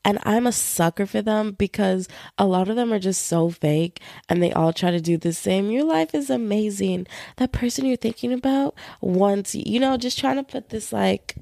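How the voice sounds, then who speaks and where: A woman's voice: medium pitch, moderate pace, gravelly, few pauses, dry recording, clean studio sound. A young woman hosting her own podcast, talking casually and playfully while feeling a bit unwell. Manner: chatty, playful, animated with voices for roommates. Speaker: podcast host. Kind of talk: casual solo podcast chat.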